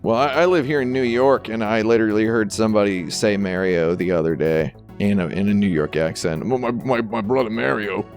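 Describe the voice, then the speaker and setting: A man's voice: fairly low pitch, fairly quick, hardly any pauses, darkish tone, faint music behind. A man on a game podcast panel, talking in casual, rambling, jokey tangents. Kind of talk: casual chat.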